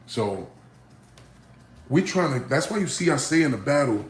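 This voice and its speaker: A man from Harlem, hosting a phone livestream from home and telling a story in an animated, profane way that swings from loud to hushed. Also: mid-range voice, moderate pace, slight background noise. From Harlem, New York.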